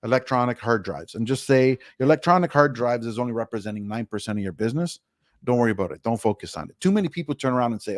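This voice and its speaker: A man's voice: medium pitch, lively intonation, fast talker, no echo, clean studio sound. A man guest on an interview podcast, giving blunt, down-to-earth money advice with the odd swear word. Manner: blunt, down-to-earth, mildly profane.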